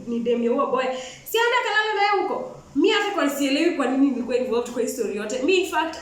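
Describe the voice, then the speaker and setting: A young woman with a Kenyan accent telling a personal story in an animated, frank way, switching between English and Swahili. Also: a little high. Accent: Kenyan, mixing Swahili and Sheng. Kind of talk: storytime vlog. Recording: echoey room, mic at a distance.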